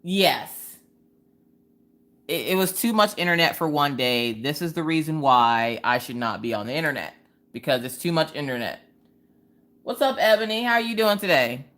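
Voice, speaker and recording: A woman hosting a casual crafting livestream, telling stories in an animated, slangy way and talking straight to her chat. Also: deep voice, moderate pace. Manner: animated storytelling, quotes people in different voices. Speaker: livestream host.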